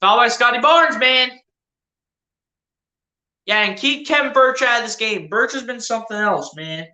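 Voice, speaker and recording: Bright-voiced woman doing fan play-by-play. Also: fairly high pitch, normal speed. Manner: animated trash-talking fan, laughs often. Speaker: fan streaming live play-by-play. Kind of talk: live play-by-play commentary. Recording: roomy echo.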